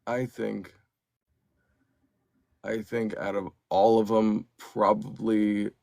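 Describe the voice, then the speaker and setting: Audiobook narrator guy on a podcast, low gravelly voice, dry close mic, lots of you knows. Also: slow pace, no room sound. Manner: animated, lots of fillers. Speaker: audiobook narrator and actor, guest. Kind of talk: casual podcast chat.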